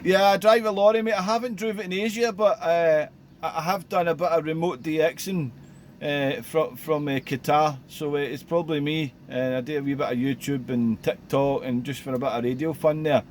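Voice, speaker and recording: A man, chatting casually over CB radio, relaxed and rambling with lots of radio jargon. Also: fairly high pitch, normal speed. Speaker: CB radio operator. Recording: faint background noise.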